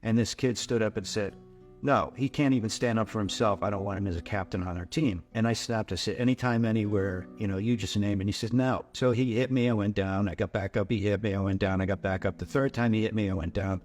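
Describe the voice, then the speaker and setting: An older man recounting his life in a personal testimony, halting and repeating words as he goes. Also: on the low side, darkish tone, faint music behind.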